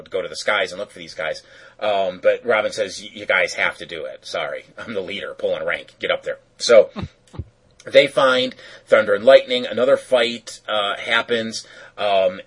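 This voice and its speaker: A man's voice: on the low side, fairly bright tone, husky, rough recording. A man casually recapping a cartoon episode, rambling with lots of fillers and self-corrections.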